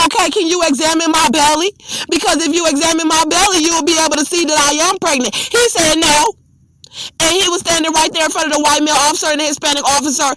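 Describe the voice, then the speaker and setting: High-voiced woman giving impassioned testimony. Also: fairly bright tone. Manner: impassioned, indignant, repeats herself. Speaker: storyteller recounting her own ordeal. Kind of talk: personal testimony.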